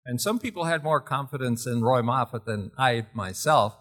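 Older guy preaching, bright voice, animated stories, laughs a lot, gets loud. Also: mid-range voice, normal speed. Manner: animated, laughs often, jumps to shouting. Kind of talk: storytelling sermon.

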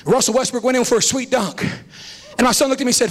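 A man preaching a fiery revival sermon as a visiting preacher, shouting and repeating lines for emphasis. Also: very high voice, fast talker. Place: church sanctuary.

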